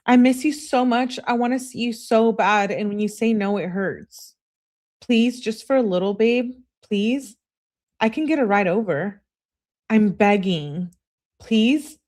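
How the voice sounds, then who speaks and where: A woman's voice: medium pitch, animated, normal speed, mellow, pitched above the performer's own voice, lightly acted. A woman voicing a clingy young woman who pleads and begs by text message. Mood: pleading. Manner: pleading, begging.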